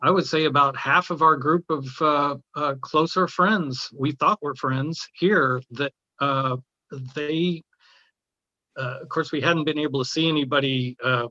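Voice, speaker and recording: Bright-voiced man, halting and dry. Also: on the high side, dry recording, highs cut off. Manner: hesitant, many restarts and fillers. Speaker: art gallery owner, guest. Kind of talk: conversational discussion.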